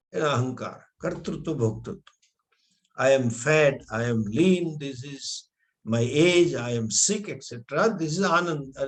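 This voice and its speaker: A man teaching scripture, explaining slowly with Sanskrit terms and frequent restarts. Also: fairly high pitch. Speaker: spiritual teacher. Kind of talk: scripture lecture.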